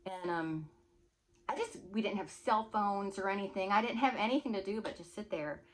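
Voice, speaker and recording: A woman vlogger telling a personal story in a chatty, animated way, often laughing. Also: medium pitch, normal speed, crowd noise. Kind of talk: casual storytelling.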